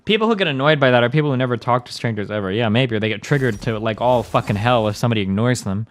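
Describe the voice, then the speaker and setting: A young man streaming, ranting and arguing in a profane, heated, casual way. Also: mid-range voice. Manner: profane, fast, argumentative.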